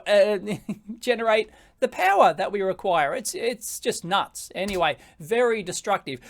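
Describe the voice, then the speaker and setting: An Australian man giving an animated classroom presentation to high school students, joking and going off on tangents. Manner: animated, jokey, prone to tangents.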